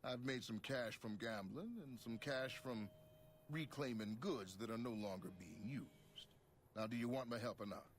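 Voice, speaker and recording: An actor playing a shifty wasteland gambler and scavenger who talks in a folksy, wheedling way. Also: male voice, mid-range voice, moderate pace, a little hiss or hum, lightly acted. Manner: folksy, wheedling salesman talk.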